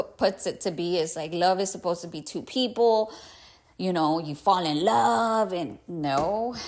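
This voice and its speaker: Candid, emphatic woman podcast host. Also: mid-range voice. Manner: candid, emphatic, with frequent "like" fillers and swearing. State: congested. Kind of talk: casual solo podcast monologue.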